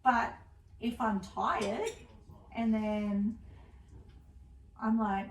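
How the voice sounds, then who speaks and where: A woman's voice: mid-range voice, steady tone, takes it slowly, long pauses. A middle-aged woman co-hosting a casual podcast chat, telling rambling stories about her day with a laugh here and there. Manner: chatty, rambling storyteller with frequent laughs. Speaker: podcast co-host. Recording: roomy, distant mic with faint background hiss.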